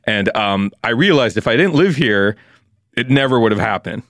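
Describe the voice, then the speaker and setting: A man's voice: medium pitch, expressive, a bit bright, no room sound, studio quality. Easygoing male podcast host. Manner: easygoing and chatty, quick to laugh. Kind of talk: casual interview chat.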